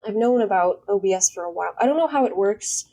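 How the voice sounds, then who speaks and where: A woman's voice: medium pitch, animated, quick pace, dark tone, poor audio. A young woman streamer chatting casually and rambling bluntly, swearing now and then. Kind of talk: casual live-stream chat.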